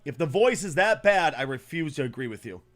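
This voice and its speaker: A man's voice: a little high, lively intonation, brisk, soft background music. Blunt, profane man hosting a livestream. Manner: trails off searching for names. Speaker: livestream host. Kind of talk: casual reaction chat.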